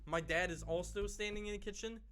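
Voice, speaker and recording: A man's voice: high-pitched, a little fast, noisy background. A man hosting a podcast, telling a story in casual chat, swearing and acting out the people in it. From Persian family. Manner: animated, swearing, acts out quotes. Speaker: podcast host.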